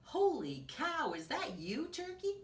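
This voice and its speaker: A woman's voice: a bass voice, very animated, slow, vocal fry, reverberant, distant mic, pitched below the performer's own voice, full character voice. A woman voicing a blunt, teasing farm pig who snorts and oinks in a children's storybook reading.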